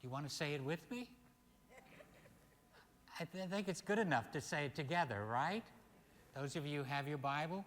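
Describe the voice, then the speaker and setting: An older man, a minister, giving a sermon in a slow, deliberate way, stressing key words. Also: a little high, animated, a bit bright. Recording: hall reverb.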